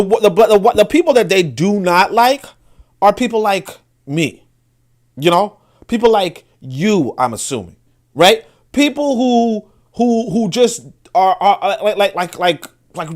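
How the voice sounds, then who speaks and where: A man hosts his own podcast in a loose, rambling way, with his voice sitting a little higher than most men's. He restarts his sentences often and fills the gaps with "like" and "you know" as he explains what he is reading. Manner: rambling, many restarts and fillers, laughs at himself. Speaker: podcast host. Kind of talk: casual commentary with reading aloud.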